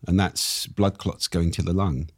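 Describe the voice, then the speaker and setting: A man, a speaking coach, explaining in conversation with lively, demonstrative intonation and a husky voice. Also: deep voice, unhurried, no room sound, clean studio sound.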